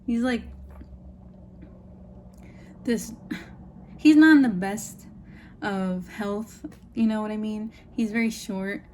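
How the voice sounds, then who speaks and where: A woman's voice: medium pitch, slow, pauses often, a little hiss or hum. A young woman chatting through a get-ready-with-me storytime, swearing freely and filling her talk with "like". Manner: animated retelling, acts out quotes. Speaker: beauty vlogger.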